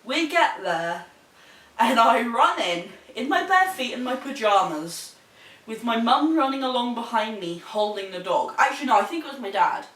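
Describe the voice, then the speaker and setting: A young woman with a New Zealand accent telling a story in a sweary, animated way, laughing as she goes. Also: fairly high pitch, normal speed. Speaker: vlogger. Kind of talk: casual storytelling. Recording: echoey room, mic at a distance.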